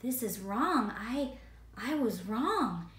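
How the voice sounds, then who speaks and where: A guilt-stricken man, voiced by a woman telling a story who stumbles through a halting confession. The voice is bright and it echoes in the room. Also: a little high, big pitch swings, far from the mic, a little hiss or hum, exaggerated voice. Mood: remorseful.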